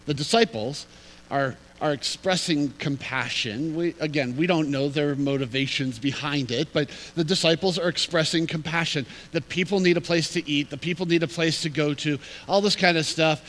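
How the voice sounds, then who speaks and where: A man preaching a sermon in an animated, humorous, conversational way. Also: fairly high pitch, moderate pace, low-quality recording. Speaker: pastor.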